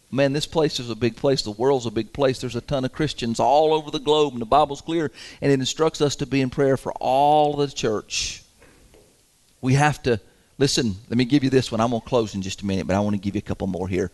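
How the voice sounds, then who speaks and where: A man preaching a sermon to his congregation in a folksy, emphatic way, chuckling often. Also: mid-range voice. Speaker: pastor. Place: church sanctuary.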